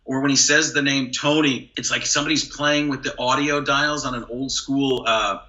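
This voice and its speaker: A male comedian and impressionist chatting on a podcast, lively and quick to slip into impressions. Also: mid-range voice, dull audio. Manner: animated, jumps into brief celebrity impressions. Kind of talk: casual podcast chat with quick impression demos.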